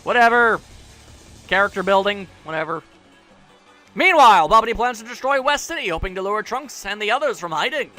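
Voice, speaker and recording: A man with a high, bright voice running a let's play. He commentates with goofy jokes and keeps taunting the enemy. Faint game music plays under his voice. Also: animated, fairly quick. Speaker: gaming channel host.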